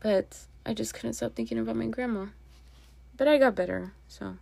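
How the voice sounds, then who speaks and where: Young woman podcast host, higher-pitched, dry close sound, rambling confessional monologue with casual swearing. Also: measured pace, gravelly, long pauses, darkish tone, dry recording. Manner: rambling and confessional, drops to a whisper at sad moments. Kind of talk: personal monologue.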